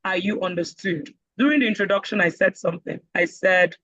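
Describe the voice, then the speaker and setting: A Nigerian woman teaching a casual online speaking class, lively and joking as she acts out voices. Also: on the low side, brisk, few pauses, dry recording, dull audio. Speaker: IELTS speaking instructor.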